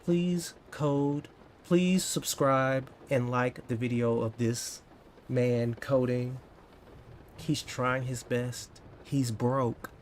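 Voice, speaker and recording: A medium-pitched man speaks slowly and steadily over slight background noise. He's a coding vlogger in his thirties having a casual chat with live viewers, joking around and sometimes launching into overblown dramatic moments.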